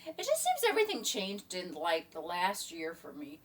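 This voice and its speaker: A woman's voice: fairly low pitch, wildly swooping pitch, moderate pace, far from the mic, slight background noise. A middle-aged woman chatting casually in her home kitchen, rambling and trailing off into asides. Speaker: vlogger. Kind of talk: casual chat.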